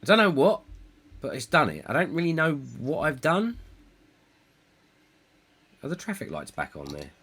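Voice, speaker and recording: A man's voice: a little high, huge pitch swings, moderate pace, pauses often, a bit bright, slightly rough. A man streaming a city-building game, thinking aloud in a rambling, self-deprecating way. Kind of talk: live gameplay commentary.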